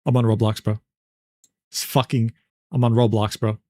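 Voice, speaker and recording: A man putting on a gruff, brushing-off young woman. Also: a bass voice, level tone, moderate pace, dark tone, pitched below the performer's own voice. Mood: irritated. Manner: gruff, dismissive, clipped. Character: curt annoyed young woman gamer brushing someone off.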